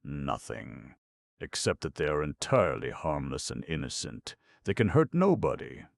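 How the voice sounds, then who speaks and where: Man doing a young rebel spy, humble pleading answers, very deep gravelly voice. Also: wildly swooping pitch, normal speed, dry recording, studio quality, heavily acted. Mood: composed. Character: young male rebel spy, calm then terrified.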